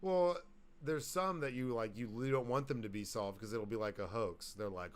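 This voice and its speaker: A man hosting a podcast in casual chat, loud and joking, swearing freely and slipping into put-on voices. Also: lowish voice, normal speed, clear, resonant tone. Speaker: podcast host.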